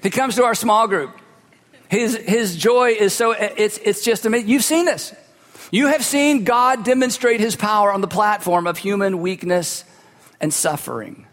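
A man's voice: sits high, moderate pace, fairly bright tone. A man preaching a sermon as a pastor, telling stories in a conversational way with humorous asides. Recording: long hall reverb.

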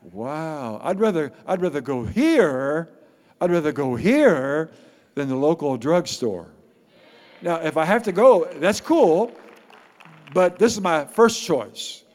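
A man preaching a sermon as pastor, animated and playful, repeating words for emphasis. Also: a little high. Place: church sanctuary. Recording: long reverb of a large hall.

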